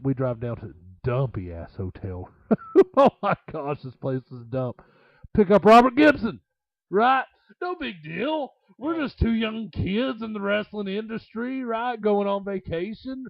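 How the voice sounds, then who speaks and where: A former wrestler being interviewed shares rambling tales from the road, full of filler words and laughter. His voice is high with no room sound, though the recording itself is dull and lo-fi.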